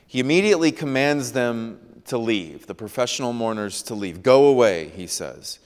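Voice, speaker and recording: A man preaching a sermon, slow and emphatic, repeating key phrases for weight. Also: mid-range voice, lively intonation. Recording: long reverb of a hall.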